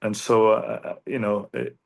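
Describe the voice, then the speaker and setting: Earnest, reflective man with a low voice. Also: flat delivery, normal speed, vocal fry. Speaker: guest singer. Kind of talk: interview conversation.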